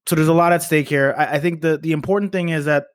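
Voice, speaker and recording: A man co-hosting a podcast, talking sports in a measured, hesitant way with many fillers. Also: a little high, fairly even intonation, no room sound, clean studio sound. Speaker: podcast co-host. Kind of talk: sports talk.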